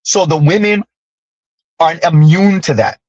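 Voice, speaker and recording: A man's voice: a little high, measured pace, darkish tone, no room sound, lo-fi sound. A millennial man in his thirties hosting a casual commentary monologue, ranting with sarcastic asides. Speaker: commentary channel host.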